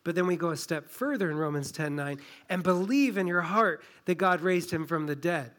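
A pastor preaching a sermon in a conversational, emphatic way, walking through a scripture passage with a story and a local example. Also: male voice, fairly high pitch, moderate pace, fairly bright tone. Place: church in a small town.

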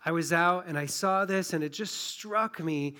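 Higher-voiced man preaching a conversational sermon. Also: normal speed, bright, forceful tone, smooth. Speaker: pastor. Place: church in a small town.

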